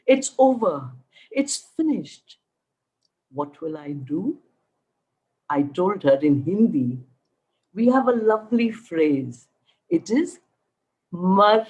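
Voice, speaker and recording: A middle-aged Indian woman tells her survivor's story with a husky, lowish voice. She speaks slowly and deliberately, and her pitch swoops widely as she acts out each exchange. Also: poor audio. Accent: Indian English. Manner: animated, acts out dialogue, emphatic. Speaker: cancer survivor guest speaker. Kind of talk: motivational storytelling talk.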